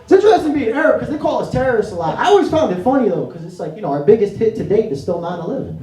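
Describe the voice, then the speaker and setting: A young man from New York City does a conversational stand-up set in a small comedy club, tagging lines with "you know?" and acting out quoted voices. His high, sing-song voice races along, captured in roomy, distant club audio with crowd noise and audience laughter.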